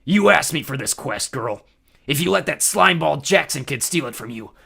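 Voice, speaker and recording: A man's voice: fairly high pitch, expressive, normal speed, vocal fry, bright, forceful tone, husky, pitched above the performer's own voice, full character voice. A man voicing a brutal male war god who growls and bellows with scorn at his daughter. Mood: contemptuous.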